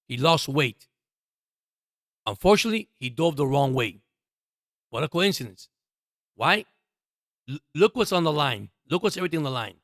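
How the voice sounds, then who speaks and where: A man's voice: fairly high pitch, vocal fry, fairly bright tone, no room sound, studio quality. A man hosting a sports podcast, talking straight to his listeners in an emphatic, repetitive monologue. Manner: emphatic, repeats himself, addresses listeners as guys. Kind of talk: passionate sports commentary monologue.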